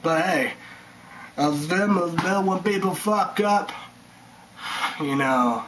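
A man talks slowly, drifting from thought to thought in a casual vlog monologue. His voice sits a little high, and he mutters and sometimes sinks to a whisper. A faint hiss runs under the recording. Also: animated, a bit bright, low-quality recording. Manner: meandering, mutters and drops to whispers, bursts into sung chants. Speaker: vlogger.

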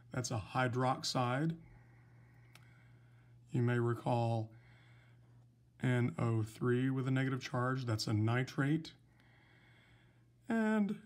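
A man teaching a recorded chemistry lesson, explaining patiently and slowly with some fillers. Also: mid-range voice. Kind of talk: recorded lecture, writing examples.

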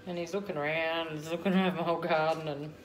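Chatty Australian woman, lowish voice. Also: steady tone, fast, a little hiss or hum. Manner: chatty and rambling, many ums. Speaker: vlogger. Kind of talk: casual chat to camera.

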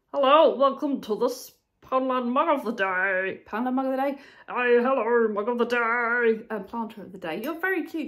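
A woman chatting casually at home through a shopping haul vlog, rambling and talking to her items and her viewers. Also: medium pitch. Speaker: vlogger showing a shopping haul.

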